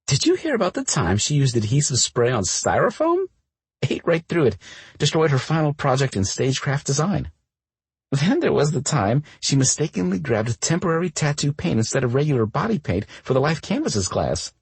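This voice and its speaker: A man's voice: mid-range voice, huge pitch swings, moderate pace, husky, dry recording, voice pushed up, full character voice. A man voicing a bold, blunt young woman roommate who teases her friend, in a romance audiobook. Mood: teasing. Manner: brash, blunt, playful.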